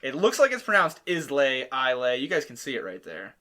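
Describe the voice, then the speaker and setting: A man hosting a relaxed chat and explaining things with plenty of ums. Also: fairly high pitch, quick pace. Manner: explains with many ums, chatty. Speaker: host. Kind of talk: casual chat.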